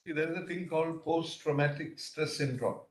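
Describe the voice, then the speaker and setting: A man's voice: fairly high pitch, fairly even intonation, normal speed. A man, a judge questioning counsel in a probing, thinking-aloud way with many fillers. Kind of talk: courtroom questioning. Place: large courtroom. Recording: roomy courtroom audio.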